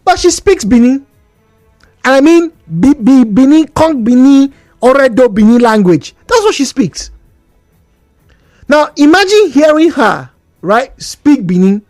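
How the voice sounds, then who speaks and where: A man's voice: very high voice, sing-song, measured pace, darkish tone, no room sound, faint music behind. A man with a Nigerian accent hosting a call-in radio show from a studio microphone, chatting and asking the audience rhetorical questions. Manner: chatty, rhetorical questions, laughs between points. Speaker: radio host.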